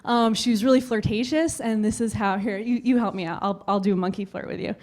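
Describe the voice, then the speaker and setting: A woman in her twenties performing a stand-up routine on a club stage, telling a story with animated delivery and acted-out voices. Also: medium pitch, fairly quick. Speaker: stand-up comedian.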